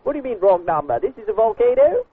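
A man putting on a high, breathy voice as a goofy male prank caller on a phone call. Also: big pitch swings, fast talker, dry recording, full character voice. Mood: teasing. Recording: tinny phone line.

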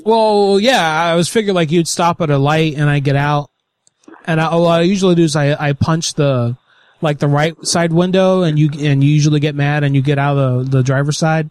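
A man making a prank phone call, goading the other person with deadpan absurd jokes. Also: fairly high pitch, a little fast, no room sound. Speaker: prank caller.

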